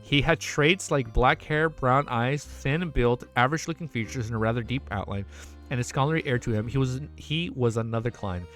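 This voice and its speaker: A man's voice: medium pitch, a little fast, fairly bright tone, soft background music. A man hosting his channel, reading a web novel aloud and breaking off to react with swearing and emotional outbursts, stumbling over lines. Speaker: channel host.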